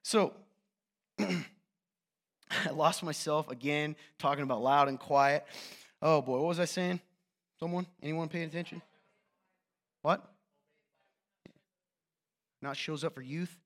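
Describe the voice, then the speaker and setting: A man preaching a sermon to a room as a youth pastor, passionate and animated, with joking, self-mocking asides. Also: on the high side, takes it slowly, long pauses. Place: church hall with an audience.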